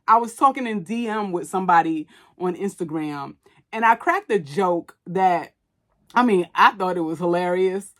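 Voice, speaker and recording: A woman's voice: lowish voice, moderate pace, fairly bright tone. A woman hosting a podcast, giving blunt, casual commentary full of "like" and swearing. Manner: chatty, blunt and profane, with many "like" fillers. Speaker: podcast host reviewing a movie.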